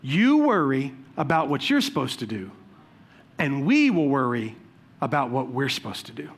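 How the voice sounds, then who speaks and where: A man preaching a sermon as pastor, telling personal stories in an animated, conversational and humorous way. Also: medium pitch, moderate pace, husky. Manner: repeats "watch this" to cue points.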